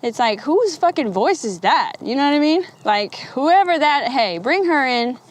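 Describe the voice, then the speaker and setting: Young woman vlogger, fairly high voice, loose and rambling, swears freely. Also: big pitch swings, normal speed. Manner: rambling, candid, swears freely, laughs often. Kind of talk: candid casual talk to camera.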